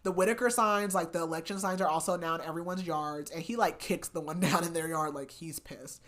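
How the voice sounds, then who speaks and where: A woman hosting a book podcast, casually recapping chapters in a chatty way with lots of "like" and animated retellings. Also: fairly low pitch, brisk. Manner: chatty, heavy use of "like", animated retelling of scenes.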